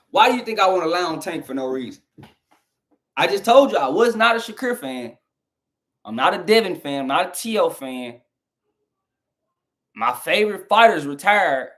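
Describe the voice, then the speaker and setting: This young southerner has a high, fairly bright, very animated voice at normal speed, plus a Southern American accent from the southern U.S. On his live stream he argues fiercely with chat, talking straight to them and mocking whatever they reply.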